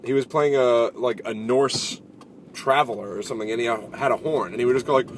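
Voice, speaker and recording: A man co-hosting a casual chat in a car, telling stories in an animated way and acting out the lines of the people in them. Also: medium pitch, fairly quick. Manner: animated storyteller, acts out quoted lines and laughs often. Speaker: podcast co-host. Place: inside a car. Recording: steady road noise.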